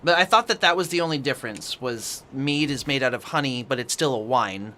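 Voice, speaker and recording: A man's voice: mid-range voice, lively intonation, a little fast, sharp tone, slight background noise. A man streaming at home from his apartment, casually chatting with viewers and answering their chat messages aloud as he plays.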